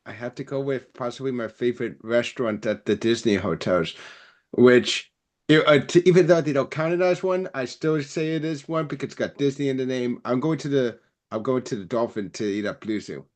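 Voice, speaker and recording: A man's voice: medium pitch, brisk, a little mellow. Regular guy at a roundtable, rambly, lots of ums and restarts. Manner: rambling, full of fillers and restarts. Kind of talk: casual chat.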